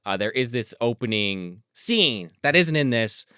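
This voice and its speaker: A man co-hosting a podcast, chatting casually about a film in an animated way. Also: medium pitch, measured pace, smooth, no echo, studio quality. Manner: animated, chatty, with frequent restarts. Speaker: podcast co-host. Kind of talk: casual movie discussion.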